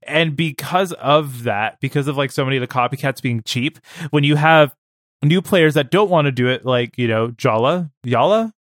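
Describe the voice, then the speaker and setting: A man's voice: medium pitch, fairly bright tone, dry recording, clean studio sound. A man co-hosting a casual podcast, blunt and opinionated, swearing freely as he argues his point. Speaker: podcast co-host.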